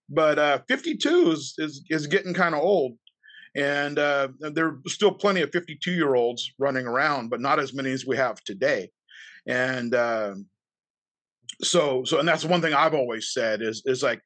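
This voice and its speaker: A man's voice: medium pitch, moderate pace, fairly bright tone, no echo. Man in his fifties, casual interview guest, stammering and repeating himself, close dry sound. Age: 50s. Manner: stammering, repeats words, laughs often. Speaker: reenactment group leader, podcast guest.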